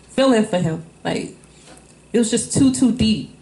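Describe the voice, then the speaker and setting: A woman's voice: mid-range voice, brisk, darkish tone. A woman in a casual interview, telling a personal story candidly and emotionally, with many fillers. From Illinois. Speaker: interviewee, wife. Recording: echoey room.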